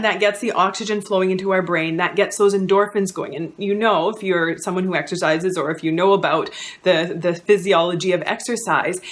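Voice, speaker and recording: A woman's voice: on the low side, fairly bright tone. A woman in her thirties, a counsellor, giving friendly, instructive self-help advice directly to the viewer.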